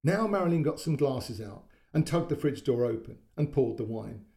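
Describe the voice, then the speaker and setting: A man narrating a short story in a measured, descriptive way. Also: mid-range voice, lively intonation, gravelly, mellow.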